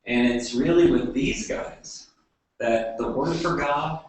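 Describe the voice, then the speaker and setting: A man giving a classroom lecture, talking haltingly with many fillers and restarts. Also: mid-range voice. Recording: echoey room, voice from far off.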